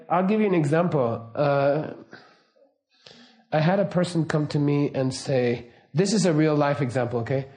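A middle-aged man giving a casual, anecdotal teaching talk, relaxed and laughing often. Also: mid-range voice. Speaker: Buddhist teacher.

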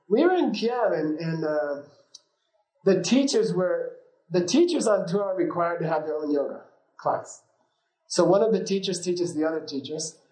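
Guy teaching a class, kinda high voice, rambly and laughing a lot, echoey room. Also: a little mellow. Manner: rambling and informal, many fillers, laughs easily. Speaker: yoga and meditation teacher. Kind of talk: casual teaching talk with anecdotes. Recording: roomy echo.

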